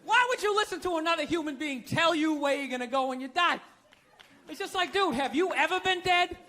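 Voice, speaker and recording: Stand-up man, very high bright tenor, sarcastic ranting, live stage mic with a faint crowd. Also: a little fast. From United States. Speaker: stand-up comedian. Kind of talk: stand-up routine. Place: comedy stage before a live audience. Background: audience laughter.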